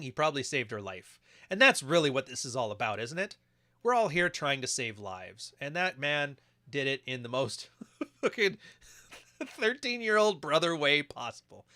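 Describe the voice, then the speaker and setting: Bright, joking man on a reaction podcast. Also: mid-range voice. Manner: crude, joking, frequently laughing. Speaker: podcast host reacting to video clips. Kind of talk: casual reaction commentary.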